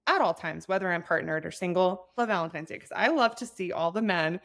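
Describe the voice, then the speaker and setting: A woman's voice: fairly low pitch, a little fast, gravelly, a bit bright. A woman in her thirties hosting an advice podcast, talking in an earnest, chatty way that turns emotional at times. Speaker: podcast host.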